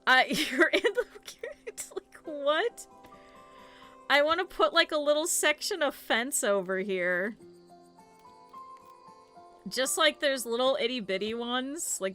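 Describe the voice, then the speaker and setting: A woman's voice: on the high side, measured pace, bright, forceful tone, faint music behind. A woman streamer chatting casually to her viewers while playing, rambling into stories. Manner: chatty rambling storyteller, talks to chat. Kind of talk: casual game stream chat.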